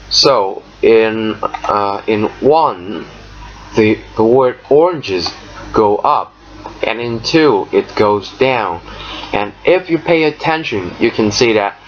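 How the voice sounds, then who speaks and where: A man teaching an English lesson, explaining step by step with frequent pauses and fillers. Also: lowish voice. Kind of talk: recorded lesson walkthrough. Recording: dull lo-fi recording, faint noise.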